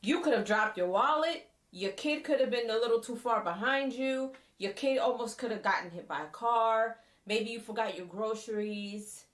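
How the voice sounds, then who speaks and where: A woman guest on a reaction video, talking in a measured, questioning way. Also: on the high side. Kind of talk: casual reaction chat. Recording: echoey and distant.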